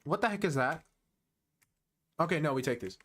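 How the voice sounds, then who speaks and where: Excitable man giving slangy chess commentary. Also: on the high side, normal speed. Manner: excitable, slangy, talks straight to the player. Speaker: chess streamer. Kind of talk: casual live chess commentary.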